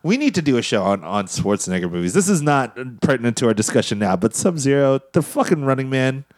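A man co-hosting a podcast, chatting excitedly about movies, swearing and laughing often. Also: medium pitch, fast, no room sound. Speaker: podcast co-host. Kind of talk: casual movie-review chat. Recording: dry close mic.

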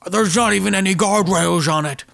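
A man's voice: high voice, moderate pace, creaky, a bit bright, heavily acted. A man putting on a whiny, nervous giant ogre. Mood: fretful.

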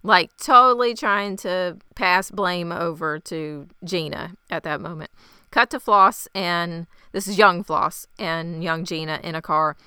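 A woman's voice: lowish voice, unhurried, pushed and bright, smooth, dry recording, clean studio sound. A woman hosting a podcast, casually recapping an episode from her notes in a chatty, wry way. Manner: chatty and wry, laughs easily. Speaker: podcast host.

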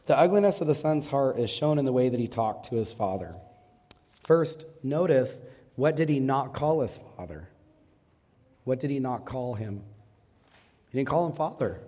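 A man's voice: mid-range voice, warm tone. A man in his thirties preaching a sermon as pastor, putting questions to the congregation and answering them himself. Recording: long reverb of a large hall.

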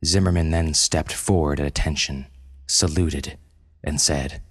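A man narrating a scripted story in a calm, low-key way. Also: a little slow, slightly rough, no echo, studio quality.

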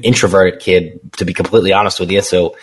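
A man's voice: sits low, steady tone, fast talker, breathy edge. A man guesting on an interview show, talking about his small business in a candid, storytelling way and laughing easily. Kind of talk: casual interview conversation.

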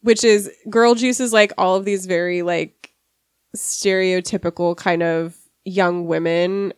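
A woman's voice: lowish voice, steady tone, measured pace, clean tone, no room sound, clean studio sound. A woman in casual chat, enthusiastic and full of fillers. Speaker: podcast co-host.

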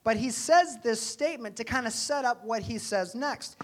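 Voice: mid-range voice, normal speed. A pastor preaching a sermon in a church, earnest and conversational, often asking rhetorical questions.

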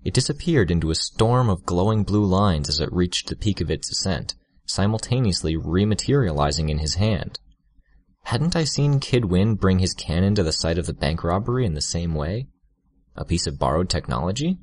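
A man narrating an audiobook in a steady first-person storytelling manner, on a close studio mic. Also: sits low, moderate pace, no echo.

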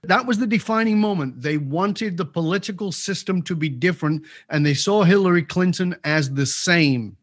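A man's voice: sits high, moderate pace, hardly any pauses, breathy edge, no room sound, studio quality. A man as an interview guest giving opinionated commentary, emphatic and repeating key points for force.

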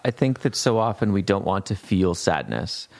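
A man in relaxed conversation with a gravelly, slightly low voice. His pitch rises and falls widely. He speaks in a reflective way. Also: moderate pace. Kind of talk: casual chat.

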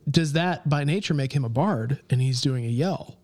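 A man's voice: mid-range voice, normal speed, a little mellow. A man co-hosting a podcast, chiming in with short, nerdy asides during a casual chat.

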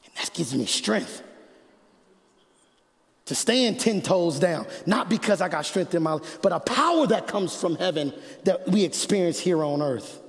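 A man preaching a sermon as pastor, swinging from loud, rising passages to hushed, quiet stretches. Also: high-pitched, expressive, measured pace, in a large hall.

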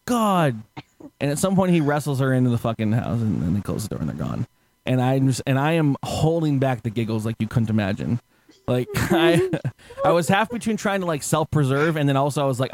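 Animated storytelling man, laughing a lot. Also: mid-range voice, fast. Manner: animated, laughing, acts out quotes loudly. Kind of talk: casual storytelling chat.

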